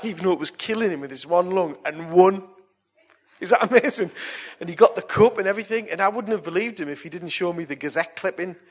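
Husky preacher, chatty and earnest. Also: male voice, high-pitched. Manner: chatty, anecdotal storytelling; earnest, coaxing appeals. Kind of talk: evangelistic sermon and altar call.

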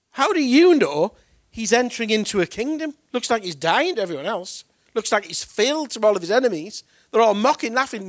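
A man preaching an animated sermon, speaking colloquially and acting out the voices of figures from the scriptures. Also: high voice, moderate pace, dry recording. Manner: colloquial, acts out Bible voices.

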